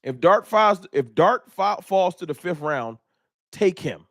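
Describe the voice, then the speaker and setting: Man live-stream host, slightly high voice, dry close mic, loose joking chat. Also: measured pace, no echo. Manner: animated, joking, laughs at own bits.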